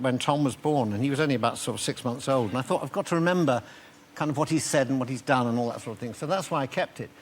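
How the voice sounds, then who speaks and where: Quick, lively older man on a talk show. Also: on the high side, noisy background. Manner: modest, self-deprecating, chuckling. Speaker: guest.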